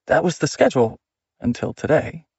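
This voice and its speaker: A man narrating an audiobook in a measured, steady reading. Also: a little high, slightly rough, no echo, dull audio.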